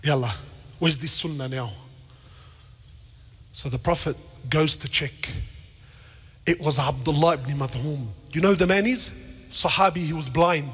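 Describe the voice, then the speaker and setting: A man preaching a passionate sermon, swinging between shouted questions and quiet asides, with Arabic words and casual slang mixed into his speech. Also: on the high side, measured pace, pauses often, husky. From Lebanon. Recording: reverberant hall.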